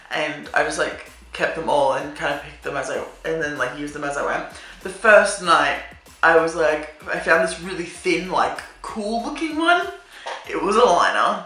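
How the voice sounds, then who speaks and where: Bright woman in an echoey room. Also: low-pitched. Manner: laughs through lines, swears, heavy use of "like". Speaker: vlogger. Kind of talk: casual storytime monologue. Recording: echoey room with faint music.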